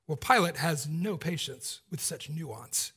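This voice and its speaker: Man preaching, casual and joking, high-pitched voice, husky tone. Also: a little slow, pushed and bright. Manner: casual, joking, conversational, self-deprecating. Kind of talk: sermon.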